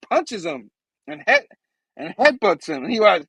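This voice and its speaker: A man hosting a show who recaps a comic book in an animated, rambling way and chuckles often. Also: fairly high pitch, moderate pace, gravelly, breathy edge, no room sound, poor audio. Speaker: host.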